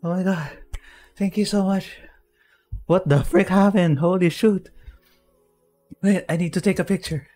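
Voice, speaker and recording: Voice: medium pitch, measured pace, long pauses, mellow, faint music behind. A gaming YouTuber reacting to a game pull, stunned and blurting out short disbelieving exclamations again and again. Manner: stunned, keeps blurting "oh my god" and "what".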